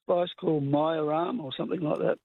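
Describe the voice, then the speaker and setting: A man's voice: fairly high pitch, steady tone, a little fast, creaky, no room sound. Man, Australian accent, radio caller, blunt, chatty, fillers, tinny phone line, dry.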